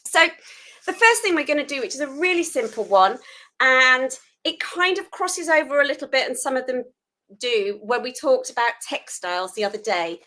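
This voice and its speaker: A woman's voice: sits high, animated, normal speed, pushed and bright, low-quality recording. A woman hosting a live food photography tutorial, chatty and self-deprecating while she works hands-on.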